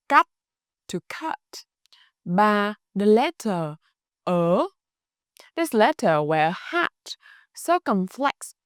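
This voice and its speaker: A woman's voice: medium pitch, clear, resonant tone, dry recording, studio quality. A woman with a Northern Vietnamese accent, a native Vietnamese speaker teaching pronunciation in English, speaking carefully with small grammar slips. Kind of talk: language lesson narration.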